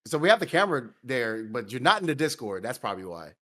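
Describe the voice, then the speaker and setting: A man co-commentating an esports event in casual chat, easygoing and quick with agreement. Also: mid-range voice, sing-song, pushed and bright.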